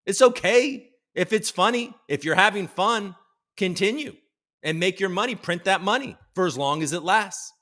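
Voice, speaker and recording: Male livestream host, profane rambling rant, slightly high voice. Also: lively intonation, moderate pace, pushed and bright. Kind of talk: ranting live crypto show.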